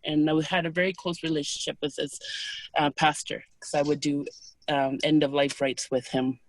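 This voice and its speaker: A woman as an interview guest, calmly recounting personal experiences in a soft, unhurried, hesitant way. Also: deep voice, no echo. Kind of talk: personal storytelling in conversation.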